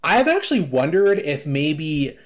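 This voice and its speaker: A man's voice: a little high, sing-song, measured pace. A man in casual chat about a video game, rambling with lots of filler words and restarts.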